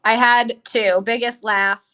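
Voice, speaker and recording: A woman's voice: fairly high pitch, fairly even intonation, slow, sharp tone. A woman co-hosting a podcast, chatting casually about a film with lots of laughs, acting out characters' lines. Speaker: podcast co-host. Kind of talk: casual film review chat.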